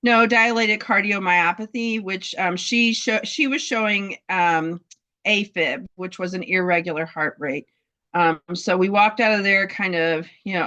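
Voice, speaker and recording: A woman telling a heartfelt story about her dogs' health, halting, with many fillers and restarts. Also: medium pitch, fairly even intonation, pushed and bright. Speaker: dog breeder sharing a testimonial. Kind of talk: casual testimonial in a group talk.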